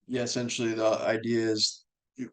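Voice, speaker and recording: A man from Minnesota co-hosting a golf podcast, easygoing and agreeable in casual chat, often trailing off quietly. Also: mid-range voice, little pitch movement, fairly quick. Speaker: podcast co-host.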